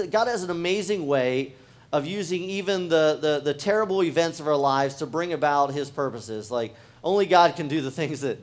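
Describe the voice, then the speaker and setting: A man, a pastor, preaching a sermon in a casual, conversational way, talking straight to the congregation and often restarting his phrases. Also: fairly high pitch. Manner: talks directly to the congregation.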